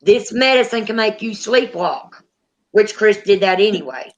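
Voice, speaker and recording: A woman's voice: medium pitch, lively intonation, moderate pace, poor audio. A woman hosting a casual paranormal chat, animatedly retelling a story and acting out the quotes. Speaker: paranormal channel host.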